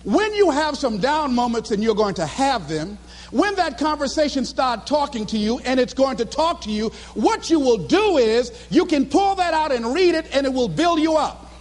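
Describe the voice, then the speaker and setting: A man giving a live motivational speech in a fervent, preacher-like cadence, often breaking into shouts. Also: extremely high pitch, sing-song, normal speed, big-room sound. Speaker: motivational speaker.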